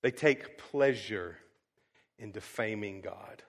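A male pastor delivering a sermon, telling stories with sudden swings from hushed to loud and scattering fillers like um. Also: fairly low pitch, takes it slowly, vocal fry, big-room sound. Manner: frequent "um" fillers and restarts.

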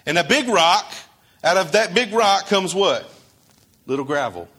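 Conversational preaching man, higher voice. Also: lively intonation, measured pace, pushed and bright, slightly rough. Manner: conversational preaching with rhetorical questions to the congregation. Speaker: pastor. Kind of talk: sermon.

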